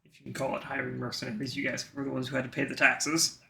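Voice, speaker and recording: A man's voice: medium pitch, monotone, fast talker, creaky, pushed and bright, slight background noise. A man running a tabletop game as dungeon master, talking in an easygoing way and thinking aloud as he goes.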